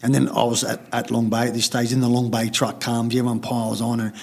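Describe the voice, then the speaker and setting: Gravelly Australian man, blunt storyteller. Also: medium pitch, little pitch movement, fast, a little mellow. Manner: blunt, swears freely, acts out voices in his stories. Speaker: podcast guest. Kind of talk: storytelling in casual conversation.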